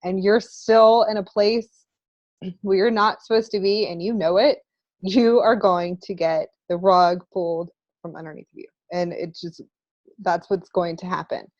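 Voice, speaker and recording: A woman co-hosting a casual spiritual chat, animated, laughing often and acting out little quotes with whoops. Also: mid-range voice, measured pace, no echo, highs cut off. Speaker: spiritual channel co-host.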